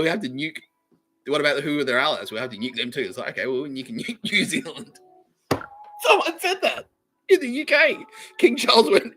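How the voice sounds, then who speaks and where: A man hosting a comedy podcast, ranting and swearing, often breaking into high-pitched giggles mid-sentence. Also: pushed and bright, slightly rough, low-quality recording. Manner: swearing, laughing through his words, bursts of high-pitched giggling. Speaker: podcast host. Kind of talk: rambling comedic rant.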